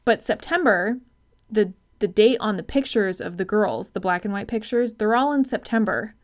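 A female podcast co-host in relaxed, unscripted conversation. She thinks out loud in rambling stretches. She swears casually and laughs easily. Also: medium pitch, moderate pace. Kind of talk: casual film-review chat.

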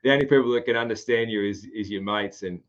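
A man's voice: on the low side, fast talker, dull audio. A man with a broad Australian country accent, hosting a casual podcast chat, rambling and laughing often. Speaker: podcast host.

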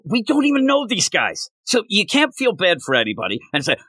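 A man's voice: high-pitched, huge pitch swings, a little fast, bright, forceful tone, breathy edge, no room sound. A man co-hosting a comic book podcast, sarcastic and exasperated, mocking the story's lines in put-on voices. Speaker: podcast co-host. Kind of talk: casual comic book review chat.

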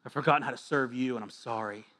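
Bright-voiced man preaching a sermon. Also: medium pitch, fast. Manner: earnest and confessional, swinging from soft asides to emphatic repetition. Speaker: pastor.

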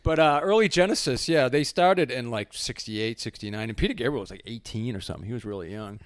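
A man in casual podcast chat, wandering through his points with lots of "like" and "you know", restarting sentences as he goes. His voice sits at an ordinary pitch and is recorded close and dry, with no room sound. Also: expressive, quick pace, no echo. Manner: rambling, hesitant, many fillers and restarts, laughs often. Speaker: podcast co-host. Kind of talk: casual chat about music.

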